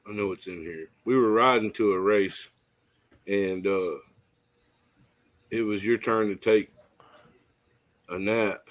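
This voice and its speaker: A man's voice: fairly low pitch, takes it slowly, pauses often. A man in casual podcast chat, swearing casually and telling road-trip stories. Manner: easygoing, swears, acts out friends' antics.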